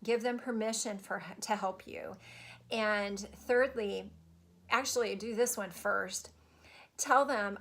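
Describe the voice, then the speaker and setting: Chatty woman coach with a gravelly voice. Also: mid-range voice, slow pace, fairly bright tone. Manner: chatty and gushing, many restarts. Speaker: spiritual life coach. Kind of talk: live-stream Q&A.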